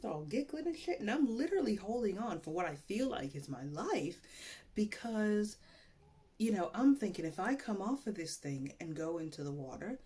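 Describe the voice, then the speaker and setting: A woman's voice: on the low side, dark tone, breathy edge. A young woman hosting a podcast, telling a story in a rambling, profane and self-mocking way. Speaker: podcast host. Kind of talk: casual storytelling monologue.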